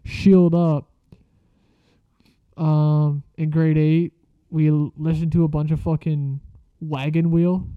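Young man, casual vlog storyteller, swears constantly, slangy and rambling, slightly raised pitch, dry muffled lo-fi sound. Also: flat delivery, slow, smooth, no echo.

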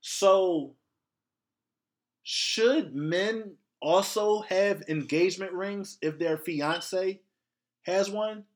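Male podcast host, blunt and profane, slightly high voice, ranting solo to his audience. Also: very slow.

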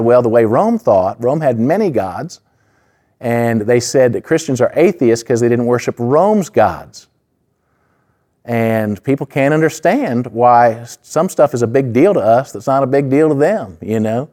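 A man's voice: mid-range voice, animated, unhurried, warm tone. A man preaching a sermon in an earnest, conversational way, full of asides and fillers. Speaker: pastor.

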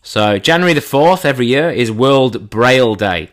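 A man giving a comedic monologue in an irreverent, deadpan way, his pitch jumping up for punchlines. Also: moderate pace.

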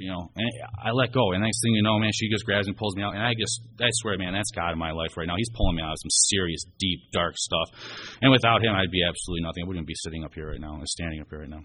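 A man giving a heartfelt personal testimony at a recovery meeting, earnest and halting with many restarts. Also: sits low, fairly bright tone, slightly rough.

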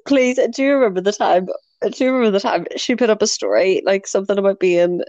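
A woman's voice: medium pitch, expressive, fast, darkish tone, no room sound, muffled recording. A woman in her twenties co-hosting a podcast, chatting casually, swearing freely and filling her talk with "like". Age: 20s. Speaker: podcast co-host. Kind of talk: casual chat.

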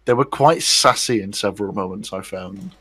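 A man's voice: on the low side, animated, normal speed, a bit bright, slightly rough, no room sound. A man hosting a casual podcast chat, rambling and restarting his sentences while teasing his friends. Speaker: podcast host.

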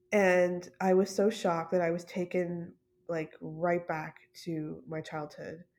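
A woman with a low, fairly monotone voice tells a personal story on her podcast. She speaks softly and hesitantly, pausing on fillers and restarting her sentences. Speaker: podcast host.

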